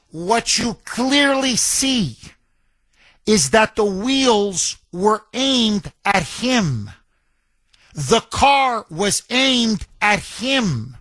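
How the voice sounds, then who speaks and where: Middle-aged radio host guy ranting, bright forceful voice, keeps repeating himself for emphasis. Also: sits high, no echo. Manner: emphatic, repetitive, indignant. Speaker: radio talk show host. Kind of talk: opinion talk radio monologue.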